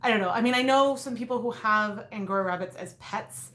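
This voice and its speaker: A woman's voice: a little high, a little fast, a bit bright. A woman in her thirties hosting a casual craft livestream, rambling with lots of fillers and restarts. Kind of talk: casual live chat. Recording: echoey room.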